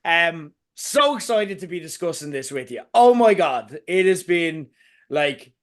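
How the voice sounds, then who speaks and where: A man hosting a casual film podcast, excitable, swearing and laughing often. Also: on the high side, measured pace. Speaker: podcast host.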